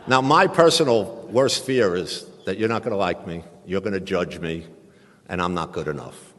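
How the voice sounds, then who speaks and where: A man's voice: lowish voice, normal speed, a bit bright, big-room sound, slight background noise. A middle-aged man with a New York accent, telling his recovery story in an earnest, humorous way at a meeting. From Staten Island, New York. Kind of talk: personal recovery talk. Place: meeting hall.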